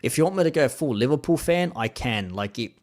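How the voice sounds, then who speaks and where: A man with an Australian accent, chatting casually on a live stream in a relaxed, rambling way with plenty of fillers. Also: medium pitch, a little fast.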